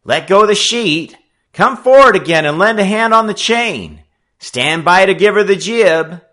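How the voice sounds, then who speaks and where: A man's voice: mid-range voice, sing-song, a little slow, a bit bright, voice pushed up. A man voicing a bold young male sailor who barks orders at his shipmate in a storybook reading. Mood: commanding. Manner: barked commands.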